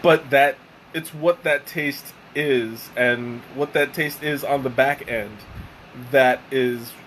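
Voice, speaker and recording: A man casually reviewing a tea on a live stream, halting with many fillers and restarts. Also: medium pitch, fairly bright tone, a little hiss or hum, low-quality recording. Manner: hesitant, many fillers and restarts, chuckles often.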